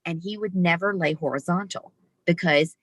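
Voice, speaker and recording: A woman with a lowish, bright voice tells a story with lively expression. Her voice is recorded close and dry over a video call. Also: normal speed, no room sound. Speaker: interview guest. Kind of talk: storytelling in conversation.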